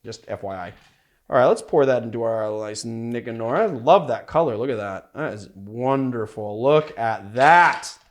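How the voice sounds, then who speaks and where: On a casual cocktail-making show, the young bartender host speaks in a medium pitch with lively intonation at a normal speed. His chatter is playful and rambling, stuffed with fillers.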